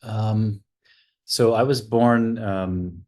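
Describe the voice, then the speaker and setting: Interview guest: deep-voiced American man in his forties, lively storyteller who acts out the voices in his anecdotes. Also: extremely slow. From United States. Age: 40s. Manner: animated storyteller, acts out dialogue, laughs at himself. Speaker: guest, retired army officer and coach.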